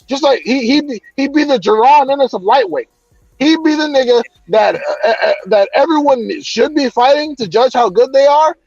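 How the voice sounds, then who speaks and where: A man's voice: extremely high pitch, lively intonation, moderate pace, gravelly, darkish tone, no room sound, highs cut off. A man ranting heatedly about boxing in a casual chat, cursing often. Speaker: boxing commentator.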